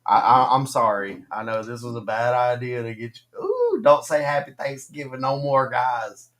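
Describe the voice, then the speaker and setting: A man co-hosting a casual fantasy football livestream, talking haltingly with many ums and restarts. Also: medium pitch, sing-song, fairly bright tone. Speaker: co-host of a fantasy football stream.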